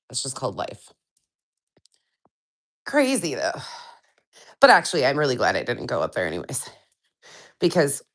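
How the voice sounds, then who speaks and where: A woman's voice: rumbling low, no room sound, studio quality. A woman with a stuffy nose from a cold, hosting a casual live stream, greeting chatters by name and venting bluntly with plenty of swearing. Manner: greets chat viewers by name. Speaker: livestream host.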